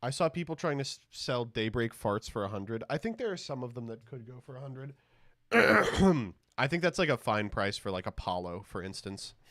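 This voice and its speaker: A man's voice: mid-range voice, sing-song, moderate pace, fairly bright tone, dry recording. A man live-streaming as he opens trading cards, rambling and joking crudely with his chat.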